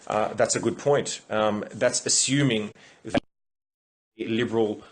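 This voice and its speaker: A man's voice: on the low side, steady tone, slow, noisy background. A man talking through political views in a casual monologue, restarting and correcting himself often. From Australia. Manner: rambling, many restarts and self-corrections. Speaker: YouTube commentator.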